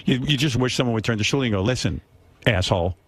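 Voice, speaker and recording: A man's voice: mid-range voice, racing, dry recording. A man hosting a radio talk show who prods his guest with amused questions. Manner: prodding, amused interviewer.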